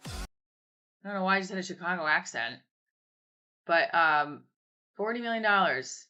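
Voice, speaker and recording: A woman's voice: lowish voice, normal speed, pauses often, sharp tone, soft background music. A young woman rambling casually through a home livestream, chatting and answering comments with the odd swear word. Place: room at home.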